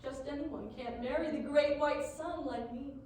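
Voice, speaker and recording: A woman's voice: sits high, moderate pace, a little mellow, a little hiss or hum, lightly acted. A woman acting as a gloating, theatrical young man who crowns himself king in a stage monologue. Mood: manic. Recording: echoey hall, mic far off.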